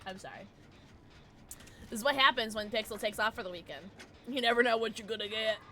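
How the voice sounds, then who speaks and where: A tipsy woman livestreaming a game, chatting casually with her viewers, giggling and breaking into loud squeals and shouts. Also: on the high side, moderate pace, a little hiss or hum. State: tipsy from drinking. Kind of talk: casual livestream chat while gaming.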